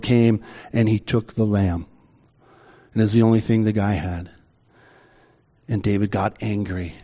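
A middle-aged man preaching a sermon in a conversational way, with slow, emphatic pauses. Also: lowish voice, warm tone. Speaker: pastor.

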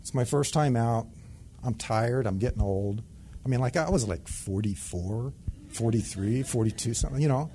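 A man's voice: mid-range voice, normal speed, warm tone. Man, ex-Air Force, conversational testimony, mid-range voice, faint hum behind. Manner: conversational storytelling that acts out dialogue. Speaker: retired Air Force sergeant giving testimony. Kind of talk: personal testimony.

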